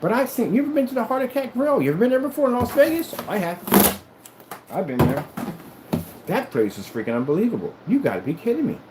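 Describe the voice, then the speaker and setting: A man's voice: high-pitched, big pitch swings, fast, background noise. A man chatting casually to camera in an emphatic, rambling way, often repeating himself. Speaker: vlogger.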